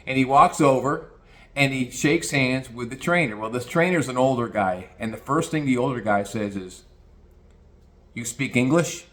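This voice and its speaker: A man's voice: medium pitch, animated, moderate pace, fairly bright tone. A man spinning a casual anecdote, rambling and peppered with swearing. He talks in an easy conversational way, circling back and restarting as he goes. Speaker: storyteller.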